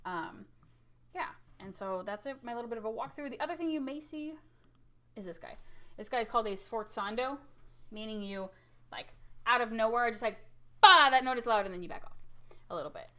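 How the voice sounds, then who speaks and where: A young woman teaches a music lesson in a relaxed, talky way. She ends many lines with "right?" and acts out loud and soft levels with her own voice, jumping from near shouts to quiet tones. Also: a little high, fairly quick, pauses often. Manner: animated, demonstrates loud and soft with her voice, says "right?" often. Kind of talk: casual recorded lesson.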